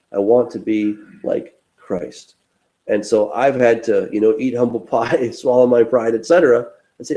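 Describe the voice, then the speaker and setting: A man's voice: medium pitch, dark tone, poor audio. A man teaching a conversational Bible study, earnest and self-deprecating, acting out inner dialogue in quoted voices.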